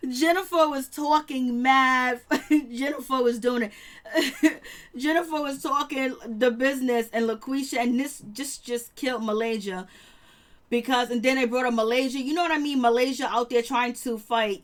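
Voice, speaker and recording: A woman casually recapping a TV show, animated and quick to laugh, acting out what others said. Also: fairly high pitch. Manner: animated, laughs often, acts out quotes. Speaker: TV show reviewer.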